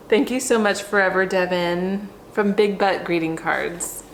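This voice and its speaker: A woman's voice: medium pitch, slow, slight background noise. Gushing woman in a roomy echo. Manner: gushing, effusive, lots of ums. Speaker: handbag vlogger. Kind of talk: unboxing vlog.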